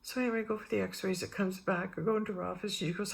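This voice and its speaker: A woman's voice: medium pitch, fast talker, vocal fry. A middle-aged woman vlogging about spiritual matters, telling meandering personal stories and acting out the voices of the people in them. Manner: meandering, animated re-enactments with quoted voices. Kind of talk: rambling personal storytelling.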